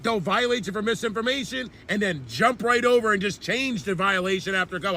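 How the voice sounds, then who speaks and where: High-pitched man in a profane rant. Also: expressive, fast, few pauses, sharp tone, a little hiss or hum. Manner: profane, heated, ranting. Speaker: online commentary host. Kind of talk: angry political rant.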